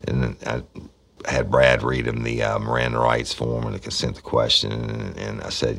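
Gravelly deep-voiced man telling a story. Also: animated, moderate pace, fairly bright tone. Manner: blunt and profane, acting out his own past dialogue. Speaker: true crime podcast host. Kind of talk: storytelling a past case.

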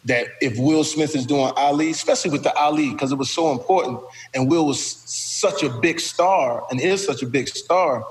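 A middle-aged man, an actor and comedian, telling animated, profane stories and slipping into voices as a guest. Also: a little high, moderate pace. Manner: lively, profane, does voices. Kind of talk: animated storytelling. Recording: roomy with long reverb.

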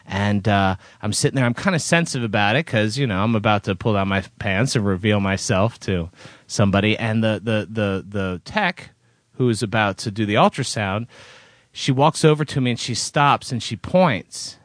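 A man's voice: fairly low pitch, normal speed, no room sound, clean studio sound. A man co-hosting a casual podcast, telling an embarrassing story about himself in a sheepish, self-deprecating way. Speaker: podcast co-host.

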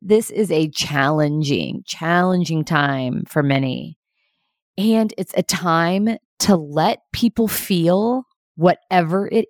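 Woman, low voice, dry close sound, earnest, emphatic, leadership pep talk. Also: darkish tone, no echo. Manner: earnest, fast-paced and emphatic.

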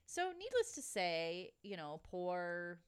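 A young adult woman co-hosting a casual movie recap podcast, wry and quick with jokes. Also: on the low side, wildly swooping pitch, clean tone, no echo. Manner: wry, joking, quick quips. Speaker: podcast co-host.

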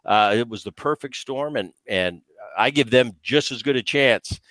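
A man who is a former player and co-host, talking baseball in casual, animated chat full of restarts. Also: mid-range voice, normal speed, no echo. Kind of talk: casual sports talk.

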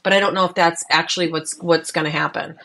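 A woman's voice: low-pitched, fast talker, gravelly, crowd noise. Chatty woman podcast co-host. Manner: chatty, lots of fillers and restarts, animated. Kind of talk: casual political chat.

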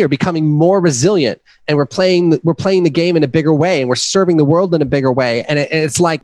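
A man co-hosting a business podcast, talking in an earnest, motivational way and pitching listeners to book a call. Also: dry recording. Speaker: podcast co-host. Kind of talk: casual business podcast talk.

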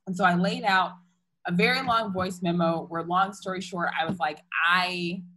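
A woman's voice: on the low side, steady tone, moderate pace, sharp tone, rough recording. A young woman candidly retelling a personal story in casual chat, full of fillers and restarts.

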